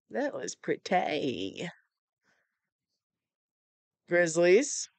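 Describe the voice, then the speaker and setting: A woman's voice: medium pitch, animated, unhurried, long pauses, no echo. A woman giving casual live play-by-play commentary from home, laid-back and swearing freely between plays.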